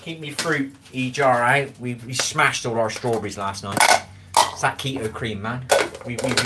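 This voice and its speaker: This livestream host's mid-range voice keeps a fairly even intonation at a moderate pace, with heavy background noise. He chats with his viewers from his home kitchen as he cooks and tidies, rambling across topics, addressing the chat directly, and sometimes swearing bluntly.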